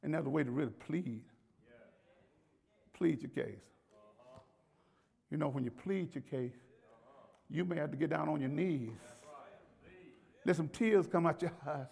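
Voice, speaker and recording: A man's voice: a little high, a little slow, vocal fry, pauses often, darkish tone, breathy edge. A man preaching a sermon as pastor, in a folksy, conversational way with laughter and acted-out pleading. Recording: long hall reverb.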